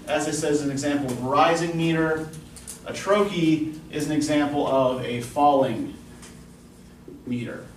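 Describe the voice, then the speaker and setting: A man's voice: mid-range voice, darkish tone. A man teaches a college poetry class from the front of a classroom. He explains patiently and keeps putting questions to his students. The recording is roomy and picked up from a distance, with a faint hiss underneath. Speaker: college English instructor.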